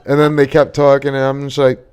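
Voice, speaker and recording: A man's voice: medium pitch, completely flat delivery, a little fast, darkish tone, smooth. A young man, hosting a casual podcast chat and telling stories loosely, with swearing and laughter. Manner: loose, profane, laughing storytelling. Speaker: podcast host.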